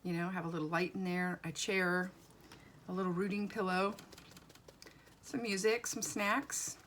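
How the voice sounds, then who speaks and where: A woman's voice: lowish voice, level tone, unhurried, a bit bright, slight background noise. A woman doll artist chatting casually and wryly as she works in her home studio, rambling from one thought to the next. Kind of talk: casual chat while working.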